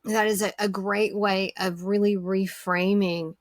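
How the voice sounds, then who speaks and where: A woman's voice: medium pitch, flat delivery, unhurried, no echo, studio quality. A woman hosting a podcast interview, chatting casually and with enthusiasm, often repeating her words. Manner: enthusiastic, agreeable, repeats herself. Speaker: podcast host.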